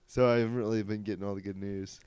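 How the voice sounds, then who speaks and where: A man's voice: lowish voice, flat delivery, fast talker, a little mellow, clean tone, dry recording. A man in his thirties co-hosting a casual podcast, laid-back and rambling. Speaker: podcast co-host. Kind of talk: casual chat.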